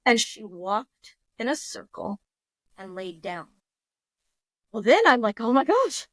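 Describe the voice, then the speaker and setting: A woman guest on a podcast, telling a story in a lively, casual way and acting out her own thoughts in quotes. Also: mid-range voice, slow, dry recording.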